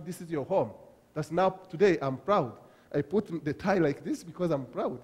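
A man from Africa preaching a sermon as pastor, with halting restarts and emphatic repetitions. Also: a little high, lively intonation, a little mellow, husky. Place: church sanctuary. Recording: long church hall reverb.

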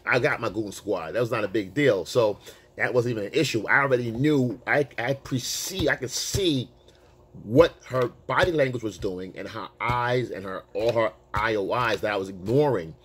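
A male dating coach telling a story to camera in a casual, animated way, swearing freely and using street slang. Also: fairly low pitch, moderate pace, breathy edge.

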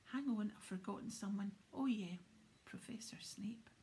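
A woman voicing a big, gruff, proud male gamekeeper in a whispered role-play. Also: medium pitch, normal speed, dark tone, a little hiss or hum, lightly acted.

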